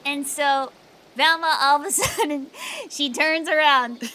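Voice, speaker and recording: A woman's voice: high-pitched, unhurried, pushed and bright. A woman playing a tabletop game, chatting casually and hesitantly. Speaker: player.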